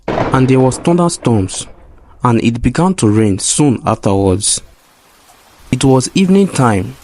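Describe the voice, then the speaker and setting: A man narrating a folk tale in an expressive, plain storytelling manner. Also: mid-range voice, measured pace, slight background noise.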